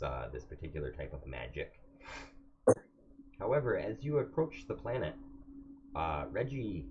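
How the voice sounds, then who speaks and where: Deep-voiced, hesitant game master. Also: male voice. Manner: hesitant, many fillers, relaxed. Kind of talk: narrating a tabletop game. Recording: dull lo-fi recording, faint hiss.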